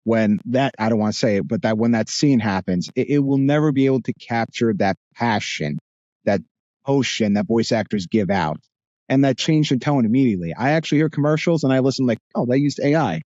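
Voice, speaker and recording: A man with a New Jersey accent, a voice actor chatting casually as a podcast guest, animated and rambling with restarts. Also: mid-range voice, brisk, no echo, dull audio.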